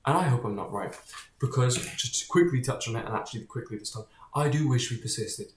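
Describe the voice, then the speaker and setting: A man in a mid-pitched voice talks straight to camera in a loose, wandering monologue, jumping between tangents and swearing bluntly. His voice bounces around a bare, echoey room. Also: fast talker, a little hiss or hum. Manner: digressive, keeps drifting off topic, blunt and profane. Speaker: vlogger. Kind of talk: casual rambling monologue to camera.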